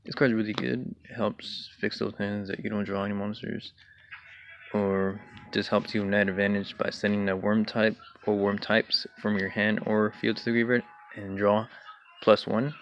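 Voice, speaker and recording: A young man casually walking through his card game deck, talking in a relaxed way with many fillers and throat clears. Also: fairly low pitch, moderate pace. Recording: dull lo-fi home recording with faint hiss.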